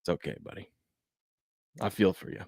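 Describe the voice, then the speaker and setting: A man with a slightly mellow voice hosts a laid-back sports talk show at moderate speed, responding to game clips and chat. His talk meanders, loops back on itself, and restarts with frequent fillers, with no echo in the recording.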